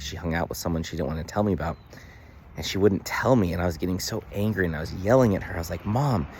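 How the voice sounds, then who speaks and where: A man's voice: sits low, slight background noise. A man talking earnestly to his phone camera outdoors in a casual daily vlog, with many fillers. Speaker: vlogger. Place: outdoors in the sun.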